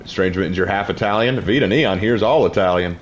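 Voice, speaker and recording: Low-voiced joking Southern US man. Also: fairly quick, crowd noise. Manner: joking, laughs often. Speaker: gamer. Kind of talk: casual gameplay chat.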